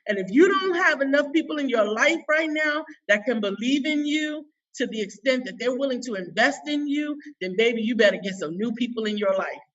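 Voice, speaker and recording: A woman's voice: a little high, lively intonation, a little fast, few pauses, far from the mic, muffled recording. A woman coach telling a personal story on a podcast in an emphatic, emotional, folksy way. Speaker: business coach guest.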